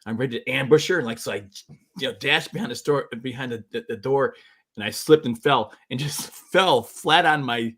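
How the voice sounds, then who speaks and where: A man's voice: mid-range voice, normal speed, fairly bright tone, husky. Rambling man in easygoing chat. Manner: rambling, restarts, laughs often. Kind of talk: casual chat, storytelling.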